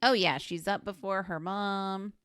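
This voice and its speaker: A woman co-hosting a podcast, chiming in with quick jokes and short agreements during a movie recap. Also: mid-range voice, steady tone, fairly bright tone, smooth, dry recording, studio quality. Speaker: podcast co-host. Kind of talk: casual movie recap chat.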